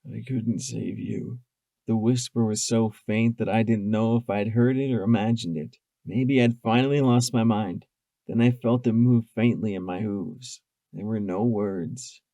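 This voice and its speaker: A man's voice: fairly low pitch, dry recording. A man narrating a first-person fan audiobook in an emotive way, close to the mic. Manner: emotive, shifting from tense to hushed.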